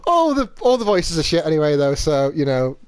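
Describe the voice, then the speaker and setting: A man commenting as he plays a game, hesitant and self-deprecating with many pauses. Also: on the high side, big pitch swings, no echo. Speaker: streamer playing a game. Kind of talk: let's play commentary.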